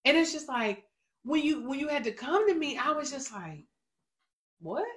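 Animated woman telling a faith story. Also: sits high, normal speed. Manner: animated, storytelling with acted-out quotes. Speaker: podcast co-host. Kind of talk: casual faith discussion.

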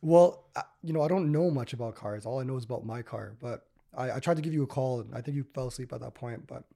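A man's voice: medium pitch, fast, vocal fry, warm tone. Rambling man telling stories. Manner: rambling storyteller, many fillers like "like" and "you know". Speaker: podcast host. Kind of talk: casual podcast storytelling.

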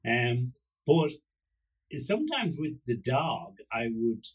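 A man with an Irish accent hosts a casual podcast, chatting loosely and telling stories about his dog. His voice is slightly husky, and he jumps into playful voices and salty language as he jokes. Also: medium pitch, big pitch swings, slow, poor audio. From Ireland. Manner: rambling, joking, acts out voices and swears. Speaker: podcast host. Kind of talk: casual solo podcast monologue.

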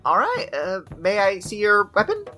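A woman's voice: mid-range voice, wildly swooping pitch, normal speed, pushed and bright, faint music behind, pitched above the performer's own voice. A woman voicing a polite female dwarf artificer who runs a shop and tries to keep the peace. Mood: helpful. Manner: polite, accommodating.

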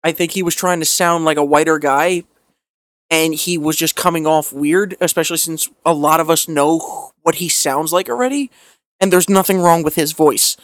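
A man's voice: fairly high pitch, fairly even intonation, moderate pace, no echo, clean studio sound. A young man co-hosting a podcast, talking frankly and rambling with lots of "like". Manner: rambling, frank, heavy on fillers like "like". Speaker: podcast co-host. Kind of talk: casual chat.

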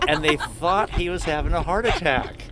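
A man telling a story as a guest, in an unhurried, expressive way. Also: on the high side. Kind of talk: anecdotal storytelling. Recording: outdoor traffic noise. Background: car and street noise.

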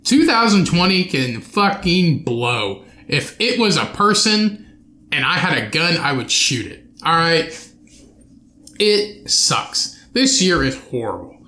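A man's voice: a little high, sing-song, takes it slowly, sharp tone, echoey room. A young man hosting a solo podcast from his home studio, rambling, swearing and cutting himself off mid-sentence. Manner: profane, rambling, self-interrupting. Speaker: podcast host.

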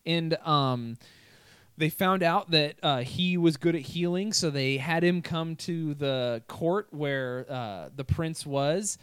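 A man's voice: on the high side, a bit bright, smooth, no echo. A young man co-hosting a podcast, telling history stories in a loose, profane, laughing way. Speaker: podcast co-host. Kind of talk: casual chat.

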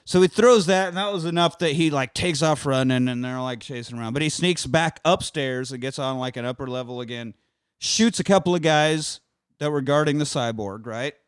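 Speaking at a normal speed in a fairly high, smooth voice, this man is a podcast co-host retelling an action movie, cursing liberally and performing the characters' dialogue in relaxed, profane chat. The audio is studio quality with no room sound.

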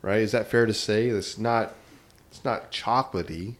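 A man's voice: on the low side, normal speed. A man co-hosting a casual beer review chat, joking around and laughing often, with lots of filler words. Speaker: podcast co-host.

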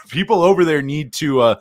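A man's voice: on the high side, lively intonation, normal speed, no echo. A man hosting a casual music podcast, loose and swearing, often restarting his questions. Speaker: podcast host.

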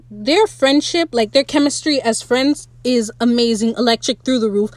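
A woman giving a casual, opinionated recap of a TV episode, animated and swearing freely, speaking straight to the writers. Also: a little high, moderate pace. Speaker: show recap podcaster.

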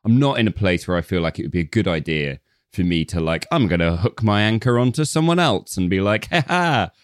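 A man co-hosting a casual film-review podcast, talking in a halting, candid way with many restarts. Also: deep voice, lively intonation, clean tone, dry recording, studio quality. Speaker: podcast co-host. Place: podcast recording.

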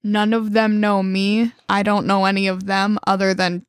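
A woman's voice: medium pitch, flat delivery, normal speed, smooth, no room sound, clean studio sound. Tired young woman co-hosting a podcast. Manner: laid-back, short replies, filler "like". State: tired, low morning voice. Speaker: podcast co-host. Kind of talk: casual podcast chat.

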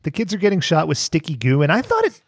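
Animated man with a gravelly voice. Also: fairly high pitch, fast talker, no room sound, studio quality. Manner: animated, joking, swears, laughs often. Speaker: podcast co-host recapping a cartoon. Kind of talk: casual chat.

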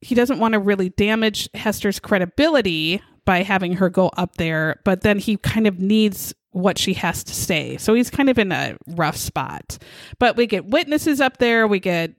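A woman hosting a casual storytelling podcast who talks in an animated, conversational way and swears often. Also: medium pitch, normal speed, dry recording, clean studio sound. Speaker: podcast host. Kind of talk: casual true-crime storytelling.

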